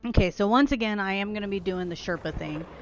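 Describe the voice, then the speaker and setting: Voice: medium pitch, fast, faint music behind. A game streamer who is unwell, lying down and chatting casually while playing, rambling and stumbling over words. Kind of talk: casual live-stream commentary. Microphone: headset or desk mic, no camera.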